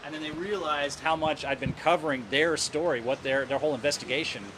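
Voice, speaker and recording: A man's voice: on the high side, steady tone, fairly quick. Southern-accented man in a noisy restaurant. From southern United States. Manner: rambling, repeats words while thinking. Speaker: guest, news editor. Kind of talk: casual interview chat. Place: Indian restaurant.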